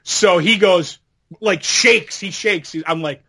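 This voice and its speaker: A middle-aged man with a slightly high-pitched voice co-hosts a casual podcast. He tells long, rambling anecdotes and breaks into a laugh now and then. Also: measured pace, sharp tone. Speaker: podcast co-host. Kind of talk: casual chat.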